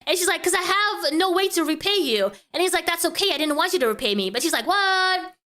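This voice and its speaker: High, bright-voiced woman commentator. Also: animated. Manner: reads quoted lines quickly, breaks off with exasperated exclamations. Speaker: VTuber commentator. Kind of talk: reading messages aloud and reacting.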